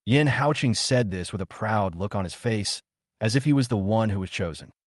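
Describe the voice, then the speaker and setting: Man, scripted story narration, steady storytelling, low voice, dry. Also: moderate pace, no room sound. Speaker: recap narrator.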